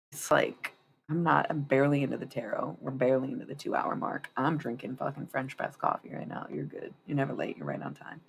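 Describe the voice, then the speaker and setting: A woman's voice: a bass voice, vocal fry, slight background noise. A woman in her thirties chatting casually and profanely on a tarot livestream. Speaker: tarot-reading streamer.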